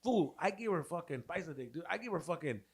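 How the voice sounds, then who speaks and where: A man's voice: fairly high pitch, animated, quick pace, heavy background noise. A young man co-hosting a podcast, telling a long profane story in casual chat and mixing in Spanish slang. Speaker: podcast co-host.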